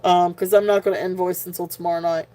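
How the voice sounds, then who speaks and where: A woman's voice: lowish voice, flat delivery, fast talker, warm tone. Giggly, tired woman hosting a live sale. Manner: giggly, laughs often while talking. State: tired and punch drunk. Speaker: live jewelry sale host. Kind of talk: casual live-stream chat.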